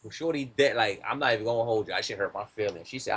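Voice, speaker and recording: A man's voice: lowish voice, fast, fairly bright tone, slightly rough. A man, co-hosting a casual podcast chat and telling a laid-back, slangy story. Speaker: podcast co-host.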